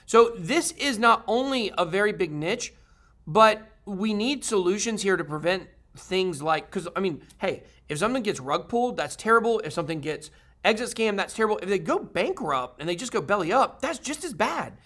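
A man's voice: high-pitched, lively intonation, moderate pace, fairly bright tone. Rambling upbeat man hosting a crypto stream. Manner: rambling and upbeat, many fillers and restarts. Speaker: crypto video host. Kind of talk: casual commentary to viewers.

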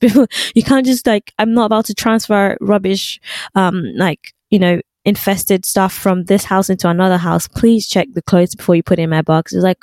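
Animated young woman telling a story, dry sound. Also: fairly low pitch, fairly quick, no echo. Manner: animated, breathless storytelling with fillers. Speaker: vlogger. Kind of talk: casual storytime chat.

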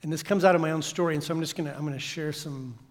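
A man giving a sermon as a guest pastor, speaking dramatically and dropping from loud declarations to a hushed whisper. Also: on the high side, steady tone, racing. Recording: long reverb of a church hall.

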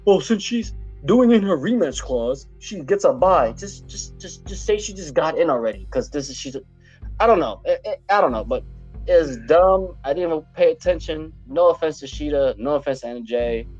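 A man's voice: fairly high pitch, normal speed, breathy edge, highs cut off, faint music behind. A man co-hosting a podcast, ranting and swearing in a casual chat. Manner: animated, profane ranting. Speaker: podcast co-host.

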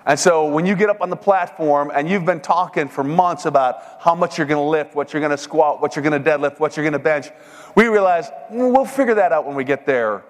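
A man's voice: fairly high pitch, brisk. A middle-aged man giving a folksy, joking sermon-style talk at a men's seminar. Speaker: seminar speaker. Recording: long hall reverb.

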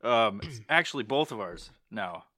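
A man's voice: fairly low pitch, lively intonation, moderate pace, pushed and bright, no echo, clean studio sound. A man hosting a podcast in casual, rambling banter, joking and swearing freely. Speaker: podcast host. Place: outdoor live podcast setup.

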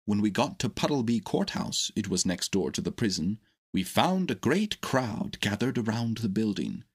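A man narrating a storybook with a husky, steady, expressive reading. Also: fairly low pitch, moderate pace.

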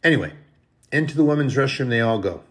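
A man's voice: mid-range voice, expressive, quick pace, a bit bright. A man preaching in a folksy, rambling storytelling style, now and then acting out short quoted voices. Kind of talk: storytelling sermon.

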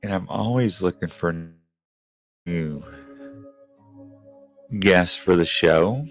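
A man from Kentucky hosting a podcast, losing his voice, introducing and questioning a guest in a folksy, slow way. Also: deep voice, soft background music. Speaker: podcast host. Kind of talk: show host introduction and interview.

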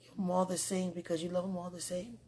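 A woman's voice: lowish voice, little pitch movement, quick pace, mellow, breathy edge. A woman recording a rambling, affectionate spoken message to a loved one, laughing often between her thoughts.

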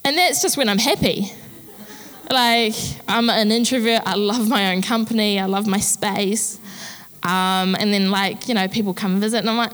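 Casting: woman pastor, a bit high-voiced, frank and funny, in a reverberant church hall. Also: moderate pace, a bit bright. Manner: candid, chatty, self-deprecating humor. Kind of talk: sermon.

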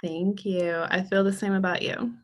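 A woman's voice: mid-range voice, steady tone, normal speed. A woman guest in a casual podcast interview, talking earnestly and enthusiastically with frequent ums.

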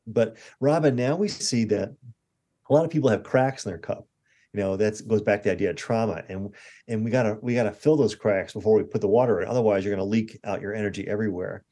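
A man in his sixties speaks in a somewhat low, mellow voice. He is a guest in a conversational interview. He tells anecdotes with lively acted-out quotes. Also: fast. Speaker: guest expert.

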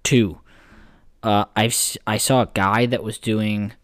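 A man's voice: on the low side, fairly even intonation, takes it slowly, no echo, clean studio sound. A man co-hosting a podcast, joking around in casual banter and swearing freely. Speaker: podcast co-host. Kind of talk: casual chat.

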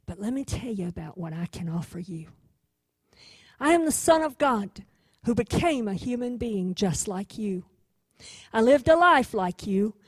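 A woman voicing a gentle male defense attorney who speaks as a savior, hushed and tender, often half-whispered. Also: sits high, no echo, pitched above the performer's own voice.

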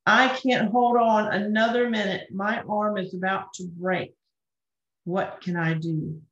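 A woman's voice: medium pitch, fairly even intonation, a little slow, close to an everyday voice. A woman voicing a frightened little male mouse who pleads through tears. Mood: desperate. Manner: pleading, tearful. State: crying. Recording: roomy, dull lo-fi recording.

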